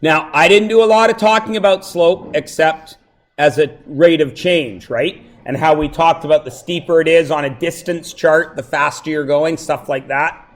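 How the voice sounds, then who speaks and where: A male math teacher with a voice that sits a little high, talking a class through a review in a loose, joking way. He wanders off on tangents, then pulls back to the answers, checking often that everyone follows. It is a plain classroom lesson. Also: normal speed. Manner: joking, digressive, keeps checking students follow.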